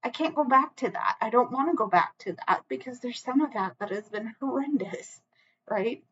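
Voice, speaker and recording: A woman's voice: on the high side, animated, normal speed, a bit bright, lo-fi sound, a little hiss or hum. A woman giving a solo tarot reading to camera, earnest and emotional, close to tears, with frequent restarts and a reassuring "okay?". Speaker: tarot reader.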